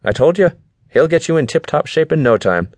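A man's voice: on the high side, big pitch swings, fairly quick, darkish tone, dry recording, voice pushed up. A man voicing a cheerful, helpful man, chatty and upbeat. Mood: cheery. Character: English man, cheerful and eager to help.

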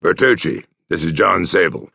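A man's voice: deep voice, moderate pace, creaky, bright, forceful tone, slightly rough, no room sound, full character voice. Brief: hard-edged detective chief, barking orders, read by a male narrator, dry close sound. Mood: harsh. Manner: harsh, commanding.

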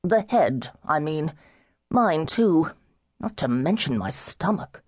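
A woman voicing a drunken young gentleman of about twenty-five, who rambles and fumbles for words. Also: deep voice, sing-song, slow pace, husky, no echo, clean studio sound, full character voice. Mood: befuddled. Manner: slurred, fumbling for words, merrily befuddled.

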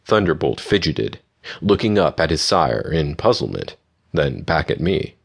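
A male audiobook narrator with a very low, deep voice. He reads the scripted narration steadily and with measured control. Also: sing-song, creaky, slightly rough.

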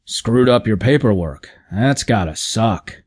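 A man voicing a large, middle-aged station manager in an audiobook, talking in a gruff, blunt, bureaucratic way. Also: on the low side, animated, a little slow, darkish tone. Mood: wry. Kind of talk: audiobook character voice.

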